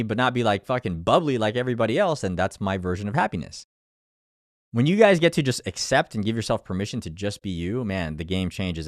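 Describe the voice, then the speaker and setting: Low-voiced man, candid and profane. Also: dry recording, studio quality. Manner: candid, swears freely, acts out his own inner thoughts; energy rises and falls between hushed and emphatic. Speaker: online coach and YouTuber. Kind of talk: casual motivational talk to camera.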